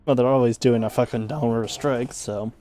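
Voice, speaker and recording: A man's voice: medium pitch, fairly even intonation, moderate pace, warm tone, faint music behind. A man playing a tabletop game, talking in an offhand and profane way. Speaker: player. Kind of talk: casual chat over a tabletop game.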